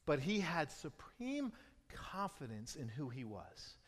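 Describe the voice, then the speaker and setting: A man preaching a sermon as a pastor, moving between loud emphatic lines and hushed, near-whispered retellings. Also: a little high, sing-song, slow, husky, big-room sound.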